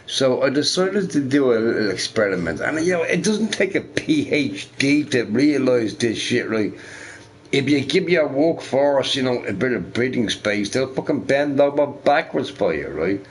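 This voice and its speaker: A young man rambling casually while streaming a game, swearing freely and telling stories in an animated way. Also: medium pitch, moderate pace, slight background noise. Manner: profane, rambling, animated storytelling. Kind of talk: casual rambling chat over gameplay.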